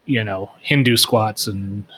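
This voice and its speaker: A man's voice: on the low side, slow pace, fairly bright tone, slight background noise. A man co-hosting a podcast, offering dry, wry comments on a book in loose, casual chat. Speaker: podcast co-host.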